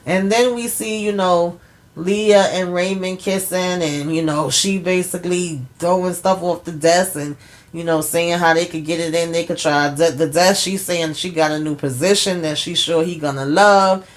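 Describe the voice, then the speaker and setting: Woman, low-pitched, animated TV recap host, talks to y'all, acts out the lines, a bit tired. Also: moderate pace. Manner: chatty, addresses viewers as y'all. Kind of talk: casual recap vlog.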